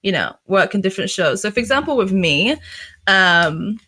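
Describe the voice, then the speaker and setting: A woman's voice: medium pitch, animated, moderate pace, sharp tone. A young woman from England, a streamer talking candidly in a casual interview, chatty, laughing often and swearing freely. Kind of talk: casual chat.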